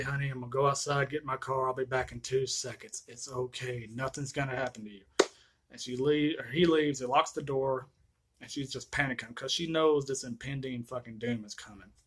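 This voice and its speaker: Profane, excitable man ranting about a movie. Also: mid-range voice. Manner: profane, excitable retelling of scenes. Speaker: movie reviewer. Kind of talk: casual movie review rant.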